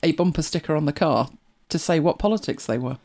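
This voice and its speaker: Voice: medium pitch, expressive, fairly quick, a little mellow. A middle-aged speaker with an English accent, chatting casually and reflectively as a host, often laughing and trailing into asides. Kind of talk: casual chat.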